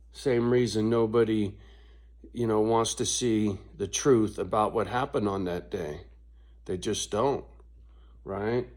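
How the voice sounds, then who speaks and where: Slow, profane ranting male vlogger. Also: a little mellow. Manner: profane, swears constantly, laughs between points; slow, drawn-out delivery with big pitch swings. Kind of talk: casual ranting monologue.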